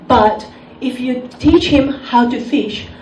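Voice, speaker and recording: Japanese woman, stand-up comedian, deadpan, unhurried delivery, echoey room, distant mic. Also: sits high. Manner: deadpan, slightly broken English with comic pauses. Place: comedy club stage. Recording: echoey venue mic heard from a distance, audience noise. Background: audience laughter.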